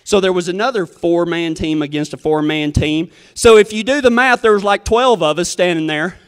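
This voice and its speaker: A man's voice: high voice, normal speed, clear, resonant tone, in a large hall. A man telling a comic story in a folksy, rambling, self-deprecating way.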